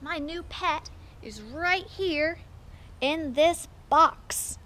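Lady librarian doing kids storytime, high bright voice, slow and sing-songy. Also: slight background noise. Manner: animated, exaggerated sing-song delivery for kids. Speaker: children's librarian. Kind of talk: storytime for young children.

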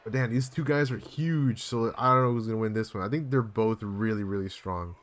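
A young man streaming live, giving excitable play-by-play commentary on a wrestling video game with sudden loud exclamations. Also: fairly low pitch, a little fast.

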